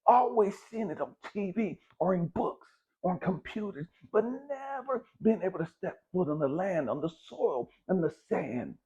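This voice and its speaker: Profane preaching man, lively pitch. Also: normal speed, hardly any pauses. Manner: profane, preaching, hammering repetition. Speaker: motivational speaker. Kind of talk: blunt motivational exhortation. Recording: dull lo-fi recording.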